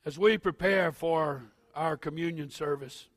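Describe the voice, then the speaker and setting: Pastor preaching with rising intensity. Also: male voice, fairly high pitch, dry recording. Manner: builds from quiet, halting asides to loud, rising preaching. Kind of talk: sermon.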